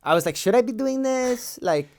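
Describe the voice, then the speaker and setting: A podcast co-host in his twenties improvises a comedy sketch as a defensive, boastful young Mexican-American immigration agent with a Los Angeles valley accent, rambling in slang. His voice is extremely high, expressive, and exaggerated, with vocal fry and a darkish tone at a moderate pace.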